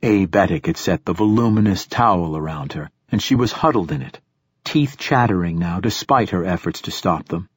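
A male audiobook narrator reads first-person fiction in a measured, steady way. His voice is deep with a husky, breathy grain, and the sound is dry and close, with no room around it. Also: no room sound.

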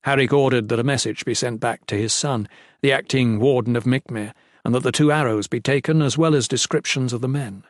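A man narrating a fantasy audiobook in a steady, measured storytelling manner. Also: mid-range voice, no echo, clean studio sound.

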